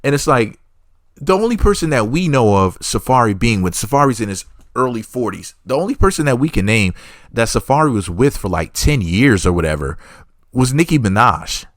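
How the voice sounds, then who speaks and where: Brief: male entertainment reporter, medium pitch, dry sound, sarcastic gossip rambles full of fake disclaimers. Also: very animated, moderate pace, dry recording. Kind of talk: gossip commentary.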